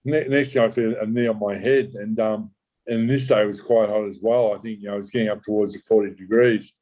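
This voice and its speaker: A man, a former undercover cop, recounting a true story in an interview, halting with many restarts and swearing casually. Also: lowish voice, fairly even intonation, warm tone, rough recording. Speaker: former undercover police officer.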